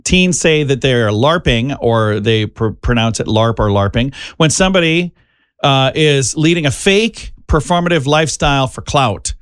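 A man's voice: medium pitch, lively intonation, normal speed, a bit bright, clear, resonant tone, dry recording, clean studio sound. A middle-aged man co-hosting a radio show, reading out a light news list with jokey, self-mocking asides.

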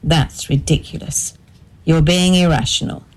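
A woman voicing a defensive middle-aged husband who answers flatly and dismissively. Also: deep voice, measured pace.

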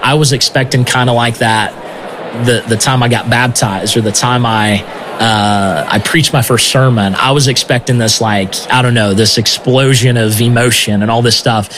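A man telling his personal testimony as a missionary in a lively, conversational way, often tossing in "man" and "okay?". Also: medium pitch, moderate pace, background noise. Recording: music playing underneath.

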